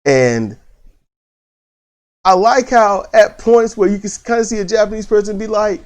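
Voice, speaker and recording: A man's voice: high voice, moderate pace, pauses often. A man giving a casual, rambling movie review, full of restarts and fillers and the odd swear word.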